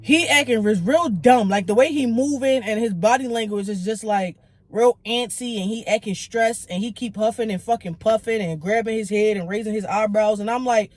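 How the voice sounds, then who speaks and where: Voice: medium pitch, normal speed, no room sound. A young adult storytime vlogger telling an irritated, profane story, playing out other people's lines along the way. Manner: heated, profane, animated retelling; acts out the quoted lines of others. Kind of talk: casual storytime rant.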